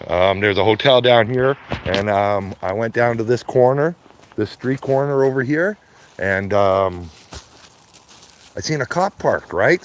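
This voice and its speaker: This livestreaming street auditor talks at a measured pace in a lowish, animated voice while strolling outdoors with his dog. He rambles, keeps repeating his hellos, and says "man" to everyone he meets.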